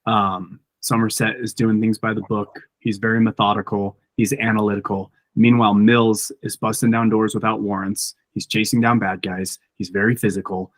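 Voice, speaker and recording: Man, podcast co-host, casual film chat, low pitch, monotone delivery, dry close mic. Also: normal speed, hardly any pauses, dry recording.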